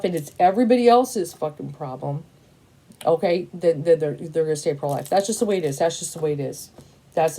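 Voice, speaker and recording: Low, mellow-voiced woman in her fifties. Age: 50s. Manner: emphatic, repetitive, peppered with "you know" and "and stuff"; blunt, swears casually. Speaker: tarot reader. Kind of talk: casual opinionated monologue.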